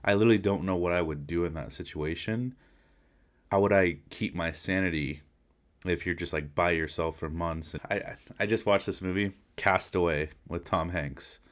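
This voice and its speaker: A man's voice: sits low, normal speed. A man hosting a podcast, giving a casual, slangy, rambling reaction to a video. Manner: laid-back, rambling, slangy.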